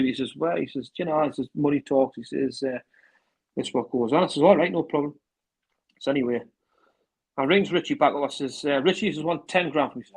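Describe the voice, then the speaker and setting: Husky North East English man telling stories. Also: mid-range voice, poor audio. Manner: rambling storyteller acting out phone calls with repeated "I says". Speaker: interview guest, former club manager. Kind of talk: casual anecdote telling.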